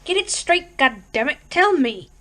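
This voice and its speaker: A woman voicing a frantic young city man, yelling hysterically as he searches for his family in a snowstorm. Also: high-pitched, sing-song, a little slow, voice pushed up, full character voice.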